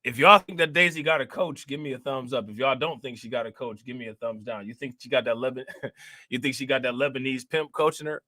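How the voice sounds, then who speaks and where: A man hosting a relaxed reaction stream, talking in easygoing slang and circling back over his own phrases. His voice is bright and forceful. The sound is dry and close. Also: mid-range voice, brisk, dry recording. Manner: loose slangy talk, repeats phrases, reads chat shout-outs. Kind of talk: casual livestream chat.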